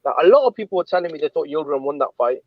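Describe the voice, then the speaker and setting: A man interviewing in a casual chat, rattling off opinions in quick, slangy talk. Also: fairly high pitch, expressive, no echo, muffled recording.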